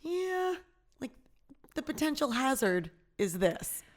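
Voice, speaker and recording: A woman's voice: on the low side, normal speed. A woman co-hosting a casual podcast conversation, musing and reassuring, laughing easily. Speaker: podcast co-host.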